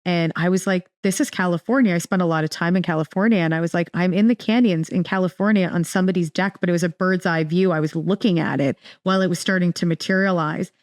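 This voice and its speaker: Woman interview guest, lowish pitch, rambling restarts, dry close sound. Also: quick pace, few pauses, no room sound. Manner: rambling, many restarts and fillers, animated retelling. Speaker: podcast guest. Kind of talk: casual interview storytelling.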